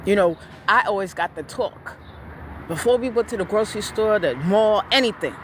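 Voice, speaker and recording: In a casual vlog rant, a woman tells animated stories while sharing blunt, profane views on parenting. She speaks at a normal pace in a medium pitch, with slight hiss or hum on the recording.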